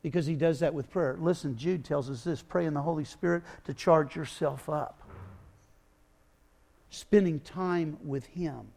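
A man preaches a sermon, retelling a Bible story with dramatic swings between loud outbursts and hushed moments. His voice is on the high side, creaky and unhurried.

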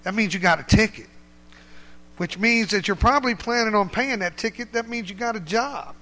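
A man's voice: high-pitched, normal speed, pushed and bright, long reverb tail. A man voicing a grinning, cheerful man in his fifties, upbeat and emphatic, in a spoken testimony. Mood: joyful. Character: beaming cheerful middle-aged man with joy.

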